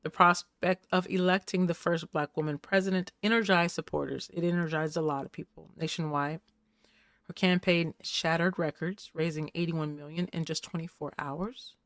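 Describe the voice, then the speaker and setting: A woman's voice: lowish voice, fairly even intonation, normal speed, no echo. A woman hosting a casual recap show, chatty and playful, laughing often as she talks. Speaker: host.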